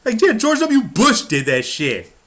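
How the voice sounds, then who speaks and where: A man from the United States delivers an angry political rant, cursing and stumbling over his words as he gets heated. His voice sits high and sounds bright and tense. His pitch swings widely from line to line. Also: huge pitch swings, a little slow. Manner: stumbles and restarts when worked up. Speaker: political commentator.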